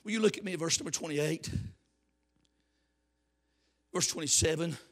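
High-voiced fiery man preaching. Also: normal speed. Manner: swings from hushed to shouted preaching; repeats words for emphasis. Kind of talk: fiery revival sermon.

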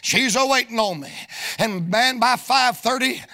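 High, bright-voiced preacher man. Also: a little slow. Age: middle-aged. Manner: folksy, sing-song preaching cadence that rises into shouts. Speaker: evangelist preacher. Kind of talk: sermon storytelling.

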